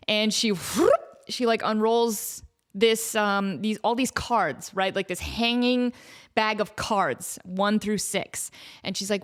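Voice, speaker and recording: A woman in her thirties hosting her own podcast, telling a story in a chatty, animated way with lots of fillers and restarts. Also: medium pitch, moderate pace. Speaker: podcast host. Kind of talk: casual solo storytelling.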